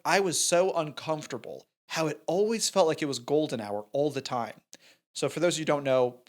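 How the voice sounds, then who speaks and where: A man co-hosting a movie review podcast, chatting animatedly and acting out scenes in silly voices. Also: mid-range voice. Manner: animated, acts out characters' lines in funny voices. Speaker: podcast co-host. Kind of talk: casual movie review chat.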